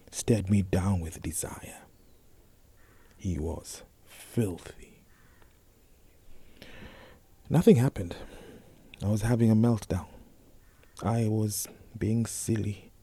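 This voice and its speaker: Slow husky young man's intense reading. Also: lowish voice, warm tone. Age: young adult. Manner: slow and intense, often sinking to a whisper. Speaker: storyteller. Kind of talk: dramatic personal spoken-word reading.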